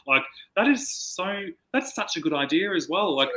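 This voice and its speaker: A man's voice: on the high side, expressive, measured pace, sharp tone, poor audio. An Australian man chatting as a guest on a video call, telling a rambling story with plenty of swearing. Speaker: client guest. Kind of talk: casual chat.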